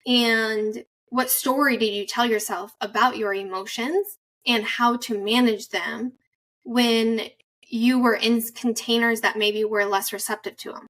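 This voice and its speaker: Woman podcast host, bright, higher voice, distant mic, attentive. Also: fairly even intonation, unhurried. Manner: warm-toned, affirming, frequent "mm-hmm". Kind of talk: conversational interview.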